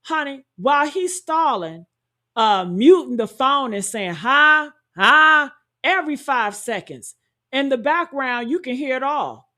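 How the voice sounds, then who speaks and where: Speaking slowly and expressively in a high voice, a woman hosts true-crime commentary for her viewers. She keeps asking rhetorical questions and addresses everyone as "y'all" and "honey."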